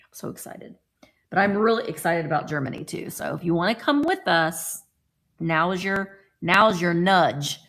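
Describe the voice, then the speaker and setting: A woman with a lowish, fairly bright voice hosts a live vintage sale. She chats casually in live-stream selling style, drifting into playful, rambling asides.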